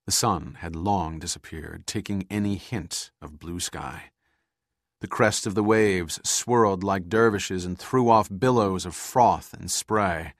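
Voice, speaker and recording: A male audiobook narrator reading an adventure in a measured, dramatic delivery. His voice is very low and deep. The sound is dry and close, with no room around it. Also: dry recording. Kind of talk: scripted narration.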